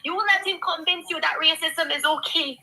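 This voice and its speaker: A woman near tears speaks with fierce, repeating passion. Her voice sits very high and sounds piercingly bright. She swears freely as she pleads her point. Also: steady tone, moderate pace, poor audio. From Haiti. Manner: impassioned, repetitive, swearing. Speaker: guest. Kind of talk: emotional livestream talk.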